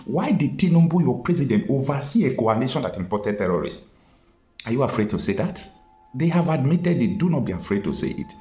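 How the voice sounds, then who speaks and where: Emphatic Nigerian man, lively delivery. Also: medium pitch, reverberant. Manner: animated, emphatic, rhetorical questions. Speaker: political commentator. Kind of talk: impassioned commentary vlog.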